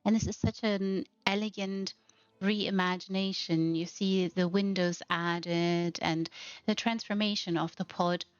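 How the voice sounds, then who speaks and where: Slow, gushing woman narrating a house tour. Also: medium pitch, fairly even intonation, smooth, no echo, lo-fi sound. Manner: slow, effusive, gushing praise. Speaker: host.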